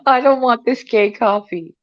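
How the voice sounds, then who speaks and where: A woman's voice: fairly high pitch, moderate pace. A woman chatting casually and teasing her friend, laughing often. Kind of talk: casual chat. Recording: dull lo-fi stream audio.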